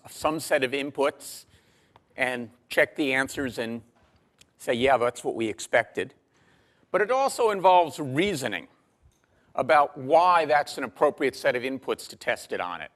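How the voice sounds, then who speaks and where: A man lectures to a university class, his voice sitting at an ordinary middle pitch. He speaks in a measured way, slipping in dry jokes between ums and uhs. He is heard on a lapel mic in a large lecture hall. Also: a bit bright.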